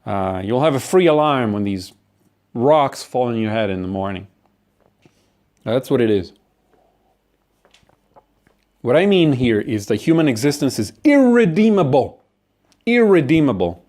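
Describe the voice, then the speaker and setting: A man's voice: mid-range voice, a little mellow. A man delivering a profane, sardonic comedic rant about philosophy and human existence. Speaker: monologuist.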